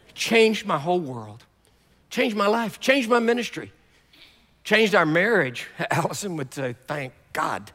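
An older man preaching a sermon, telling stories with big swings from quiet talk to loud bursts. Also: fairly high pitch. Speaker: pastor. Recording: long hall reverb.

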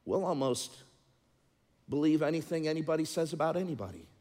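A middle-aged man preaching as a pastor, moving between loud, emphatic passages and quieter, confiding talk. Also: on the high side, expressive, fairly quick. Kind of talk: sermon. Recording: long reverb of a large hall.

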